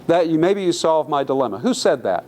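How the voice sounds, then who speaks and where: A man's voice: a little high, sing-song, fairly quick, darkish tone, a little hiss or hum. A middle-aged man giving a public lecture in a conversational, anecdotal way, often correcting himself mid-phrase. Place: lecture hall.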